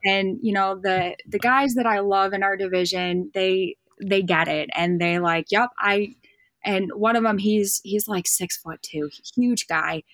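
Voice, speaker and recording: Young woman telling lively stories. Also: mid-range voice, a little slow, no echo. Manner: lively storyteller acting out quoted dialogue. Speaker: podcast guest, bird dog handler and hunting guide. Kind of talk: casual chat.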